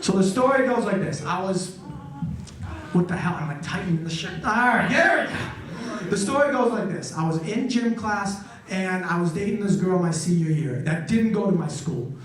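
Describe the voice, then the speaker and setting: A man performing a stand-up comedy set, telling stories loudly and acting out the voices of people in them. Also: high voice, normal speed. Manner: loud, animated storytelling with acted-out quotes. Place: college theater stage with audience. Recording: echoey live venue, mic from a distance.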